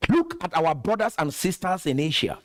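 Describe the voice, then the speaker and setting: A man's voice: a little high, wildly swooping pitch, moderate pace. A man from Cameroon hosting a commentary video, lecturing emphatically and repeating his points. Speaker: host.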